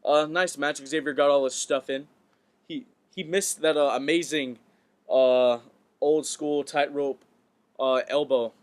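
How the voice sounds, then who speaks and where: A man's voice: fairly high pitch, steady tone, unhurried. A man co-hosting a podcast, chatting casually about wrestling, often stumbling and repeating words as he goes. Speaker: podcast co-host.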